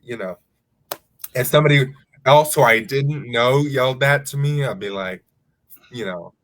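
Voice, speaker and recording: A young man chatting on a podcast, his voice in a middle register. He tells lively stories with quick asides and laughs often. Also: mid-range voice. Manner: animated storyteller, laughs often. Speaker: podcast co-host. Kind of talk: casual chat.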